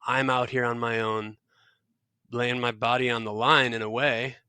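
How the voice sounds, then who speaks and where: A man's voice: medium pitch, little pitch movement, moderate pace, bright, forceful tone, clear, resonant tone, dry recording. A young man, a guest author, telling a reflective story in an interview, earnest and searching, with frequent restarts and fillers.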